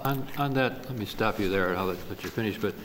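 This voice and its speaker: A male judge questioning a lawyer from the bench, cutting in with probing, halting questions. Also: fairly low pitch, a bit bright. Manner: interrupts and probes, halting restarts. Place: large courtroom. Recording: reverberant courtroom recording with faint noise.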